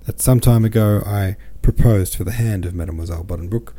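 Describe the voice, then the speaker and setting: A pompous businessman suitor, read by a man with a dark, mellow tone and a low-pitched voice that lifts into a stiff, high sing-song. He speaks coldly and formally, every phrase buttoned up. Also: a little fast, lightly acted. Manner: formal and cold.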